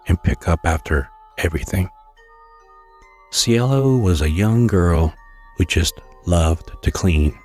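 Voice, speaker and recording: A man narrating a scary story in a slow, hushed storytelling manner, with occasional stumbles. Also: low voice, husky.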